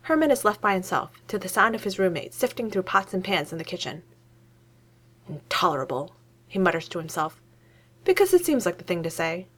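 A woman narrating a story aloud in an expressive reading voice. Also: mid-range voice, fast.

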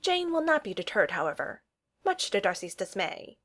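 Casting: woman storyteller, lively intonation, reading fiction aloud. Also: medium pitch, moderate pace.

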